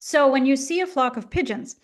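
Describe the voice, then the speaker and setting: A woman giving a chatty, enthusiastic talk with many ums and asides, coughing now and then as she gets over a flu. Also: high-pitched. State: coughing, at the tail end of a flu. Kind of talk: casual illustrated lecture.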